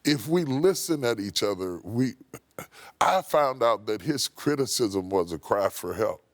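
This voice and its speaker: A man who is a bishop, speaking in a low, grounded voice. He tells his story with emphatic, preacherly force and leans hard on key words. The sound is close and dry, with no room around it. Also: expressive, unhurried, no room sound. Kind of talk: interview storytelling. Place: TV studio.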